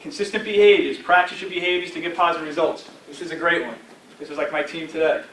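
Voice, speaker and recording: A man's voice: on the high side, fairly even intonation, fast, fairly bright tone, distant mic, slight background noise. Man in his forties coaching a team. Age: 40s. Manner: direct, coaching tone with frequent "all right?" and "right?". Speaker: guest speaker addressing a football team. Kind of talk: motivational talk. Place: team meeting room. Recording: roomy echo from afar with faint ambience.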